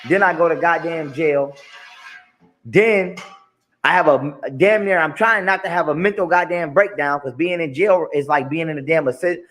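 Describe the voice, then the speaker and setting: This ranting monologue comes from a man in a played clip whose voice is a little high and fairly bright, moving at a moderate pace. He hammers on about what he's lived through, repeating himself and cursing often.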